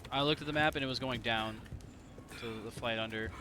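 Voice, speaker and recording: A man's voice: medium pitch, fairly quick, background noise. A man from Indiana giving casual, profane, rambling let's-play commentary to his viewers. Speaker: gaming streamer.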